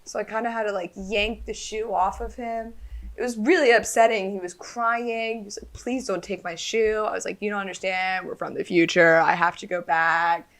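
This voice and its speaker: A woman improvising a silly adventure tale on a comedy podcast. She talks in a playful, giggly, animated way and sits in the middle of the usual range for pitch. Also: normal speed. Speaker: podcast co-host.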